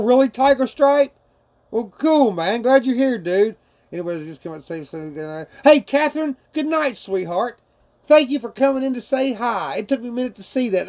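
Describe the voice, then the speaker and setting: Answering his viewers' chat on a live stream from his bedroom, a man talks crudely and casually, laughing a lot and tossing out "man" and "dude." His voice sits high and is a little mellow.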